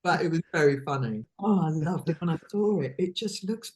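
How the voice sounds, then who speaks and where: A woman's voice: deep voice, expressive, brisk, darkish tone. A woman chatting as a podcast guest, effusive and giggly, laughing between phrases and trailing off into restarts. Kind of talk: casual chat.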